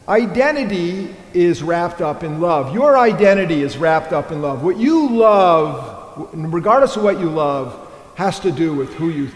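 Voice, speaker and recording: A man preaching an earnest, rambling sermon as a priest, often stopping to restart his thoughts. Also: on the high side. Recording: echoey church hall.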